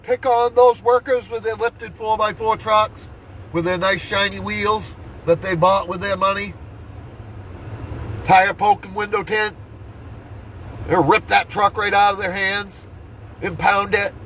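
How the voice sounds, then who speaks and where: An older man with a high voice rants heatedly, swearing and throwing out "right?" again and again. He speaks from inside a vehicle, and the recording sounds dull and lo-fi under a faint hiss. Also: fairly even intonation, a little slow, long pauses, bright, forceful tone. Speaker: vlogger. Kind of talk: angry personal rant.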